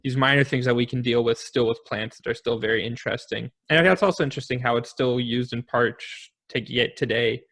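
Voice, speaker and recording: Man, podcast co-host, gravelly low edge, musing, thinking aloud. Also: fairly quick, hardly any pauses, fairly bright tone. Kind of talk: casual history podcast chat.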